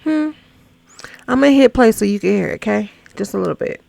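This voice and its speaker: A woman's voice: mid-range voice, rapid-fire, gravelly, darkish tone, no echo. A woman hosting a casual reality TV recap, chatty and gossipy with teasing asides.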